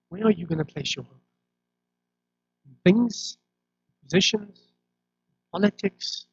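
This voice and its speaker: A man's voice: high voice, slow pace, vocal fry, long pauses, dry recording. A man preaching a sermon in a conversational way, often restarting and repeating words. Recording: dull lo-fi recording.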